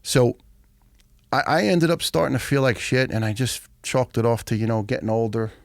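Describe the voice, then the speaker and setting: A middle-aged man tells his story as a podcast guest. He is blunt and profane and keeps the telling animated. His voice has a gravelly rasp, recorded close and dry with no room sound. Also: medium pitch, normal speed, no echo. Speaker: guest, retired firefighter.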